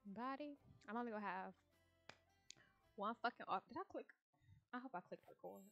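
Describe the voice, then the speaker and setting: A woman's voice: a little high, normal speed, dull audio, soft background music. A woman giving casual, profane, joking commentary while playing a life-sim game, mostly talking to herself, recorded on a new microphone while wearing headphones. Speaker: gamer streamer.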